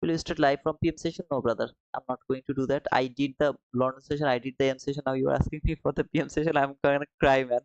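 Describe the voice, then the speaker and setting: A man's voice: medium pitch, fairly even intonation, racing, hardly any pauses, no echo, muffled recording. A man hosting a live trading stream, reading viewers' comments aloud and answering them in a friendly, casual way, calling them brother and man.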